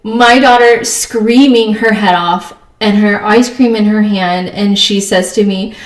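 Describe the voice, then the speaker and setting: A woman's voice: sits high, lively intonation, measured pace, roomy sound, recorded from a distance. A woman host telling stories in a casual chat, filling her talk with little fillers and laughing as she goes. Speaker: podcast host.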